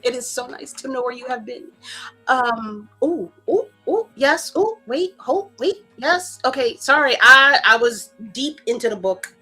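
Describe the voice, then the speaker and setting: A woman co-hosting a casual livestream chat, excitable and rambling, often laughing at herself. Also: high-pitched, a little slow, husky, soft background music. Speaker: co-host.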